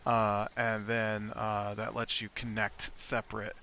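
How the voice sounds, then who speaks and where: A man's voice: lowish voice, monotone, measured pace, sharp tone, slight background noise. An American man giving casual gameplay commentary, thinking aloud and rambling with lots of fillers. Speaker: let's play host.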